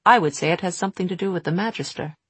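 A woman's voice: lowish voice, very fast, fairly bright tone, breathy edge, no room sound. A woman voicing a cocky young male warrior in a storybook, dry and sardonic.

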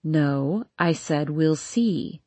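A woman's voice: on the low side, animated, unhurried, darkish tone, husky, no room sound, pitched below the performer's own voice. A woman doing a clipped, exasperated mother. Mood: stern. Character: weary, stern middle-aged mother.

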